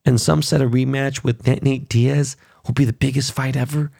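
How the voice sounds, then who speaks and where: A man with a gravelly, mid-pitched voice hosts a casual podcast. He rants bluntly, swearing freely and getting heated. The sound is close and dry, with no room echo. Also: flat delivery, moderate pace, mellow. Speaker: podcast host. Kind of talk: casual rant.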